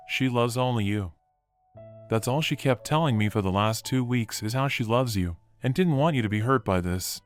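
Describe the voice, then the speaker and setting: A man voicing a tearful adult daughter who pleads apologetically with her father, speaking at an even middle pitch. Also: lightly acted.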